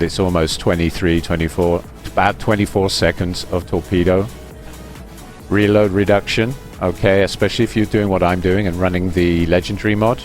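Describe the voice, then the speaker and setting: A man giving chatty, explanatory commentary over his own gameplay, with many fillers. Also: low voice. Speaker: gaming YouTuber.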